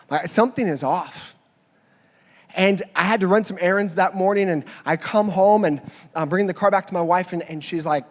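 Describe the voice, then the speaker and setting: High-voiced pastor in a reverberant hall. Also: male voice, brisk. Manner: animated storytelling, acting out both sides of a dialogue. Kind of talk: sermon.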